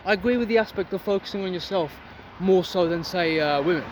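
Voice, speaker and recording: A man's voice: high-pitched, fast talker. A young man giving a blunt, profane motivational rant outdoors for his vlog. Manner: intense, profane, preachy. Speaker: vlogger. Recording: loud street traffic noise.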